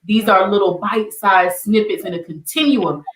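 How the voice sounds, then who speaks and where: Casting: woman show host, measured and emphatic, echoey room, set back from the mic. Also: mid-range voice, far from the mic. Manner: measured, emphatic, speaks to viewers directly. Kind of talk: online talk show hosting.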